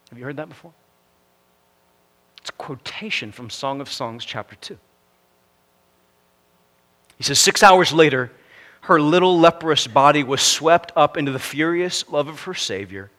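A man delivering a sermon in a voice set a little higher than most. He reads a story aloud earnestly and lets his phrases sink to a hush at their ends. He then builds to emphatic, rising preaching. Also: moderate pace, long pauses.

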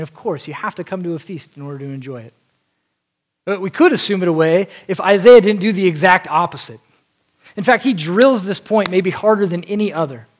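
A male preacher with a high voice gives an earnest Sunday sermon. He talks directly to his congregation and repeats a word now and then as he presses his points. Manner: earnest, repeats words as he restarts.

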